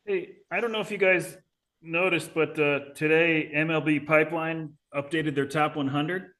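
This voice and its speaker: A man talks casually on a podcast, relaxed and easygoing as he moves the talk along. His voice sits a little high. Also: moderate pace. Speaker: podcast co-host. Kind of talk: casual chat.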